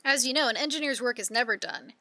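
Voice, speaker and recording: A woman's voice: fairly high pitch, fast, bright, forceful tone, no room sound. A woman voicing a talkative engineer who speaks in an upbeat, chatty way. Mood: cheerful. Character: cheerful engineer, keen and talkative.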